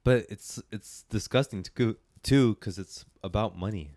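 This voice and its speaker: A man's voice: lowish voice, normal speed, a little mellow, dry recording, clean studio sound. A man co-hosting a movie podcast, chatting casually with a joking, rambling manner and big swings in energy. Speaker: podcast co-host. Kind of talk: casual chat.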